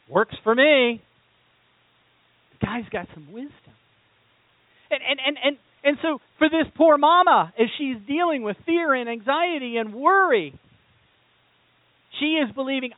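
A man preaching a sermon as pastor, animated and throwing rhetorical questions at his congregation. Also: extremely high pitch, unhurried, long pauses, no room sound. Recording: tinny phone-like sound.

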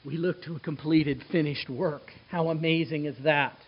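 A male pastor with a notably high voice delivers a sermon. He swings from bright, excited exclamations down to soft, hushed asides. The recording sounds somewhat dull and lo-fi. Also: normal speed.

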